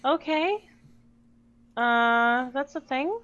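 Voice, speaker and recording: A woman's voice: high voice, lively intonation, extremely slow, a bit bright, lo-fi sound. A woman playing a tabletop role-playing game over a video call, chatty and playful. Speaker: player.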